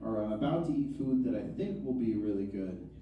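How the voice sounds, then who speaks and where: A man's voice: lowish voice, expressive, brisk, dull audio. A stand-up comedian in his thirties telling wry, self-mocking stories on a comedy club stage. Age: 30s. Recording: echoey club, mic from far off.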